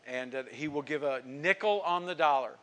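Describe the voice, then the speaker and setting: A middle-aged male pastor preaching a sermon, telling a story and acting out the people in it, swinging from emphatic lines to hushed ones. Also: on the high side, moderate pace. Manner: storytelling, acting out quoted speech; emphatic preaching with sudden drops to quiet.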